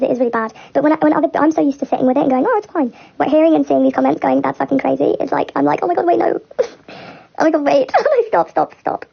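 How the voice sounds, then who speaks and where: A woman's voice: high voice, vocal fry, dull audio. A young woman telling a personal story on a casual livestream, rambling and candid, with nervous laughter.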